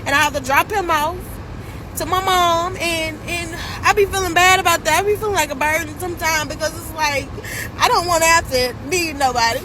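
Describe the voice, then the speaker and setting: A single mother talks in a high voice, opening up in a tired, rambling vent to the camera. Loud traffic and street noise sit clearly behind her. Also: a little fast. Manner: candid, weary, rambling.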